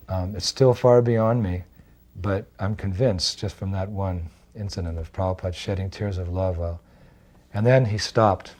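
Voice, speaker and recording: A man's voice: low-pitched, a little mellow, breathy edge. An older man telling personal devotional memories in a reflective storytelling way, laughing now and then. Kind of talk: storytelling memoir.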